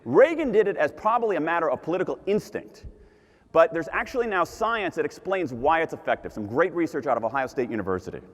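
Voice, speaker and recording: A man giving an animated conference talk, repeating his key points for emphasis. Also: a little high, quick pace. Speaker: conference speaker. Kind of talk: keynote talk to a live audience. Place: large conference hall. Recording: long hall reverb.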